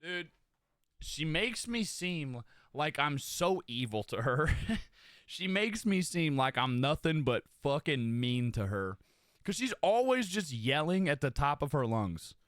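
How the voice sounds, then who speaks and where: A young man streaming live, chatting casually with his viewers and giving them loud, profane, hyped-up shout-outs. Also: a little high, big pitch swings, measured pace, no echo, studio quality.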